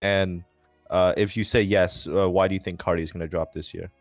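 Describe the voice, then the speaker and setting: A young man with a deep voice and flat delivery commentates a racing livestream at a moderate pace, then interviews a driver after the race. He rambles and jokes with many fillers and restarts, with soft background music and no echo.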